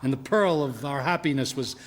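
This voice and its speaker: A man's voice: mid-range voice, brisk, lightly acted. An actor playing a father and shop owner who talks in a dry, mock-tough, old-movie way. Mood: wry. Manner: mock film-noir tough talk, dry. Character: grown man, hardboiled shop owner and father. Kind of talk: radio sitcom acting.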